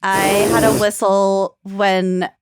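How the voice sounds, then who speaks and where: A woman co-hosting a podcast in casual, joking chat, quick to laugh. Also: mid-range voice, flat delivery, darkish tone, clear, resonant tone, no room sound, faint music behind. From Minnesota. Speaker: podcast co-host.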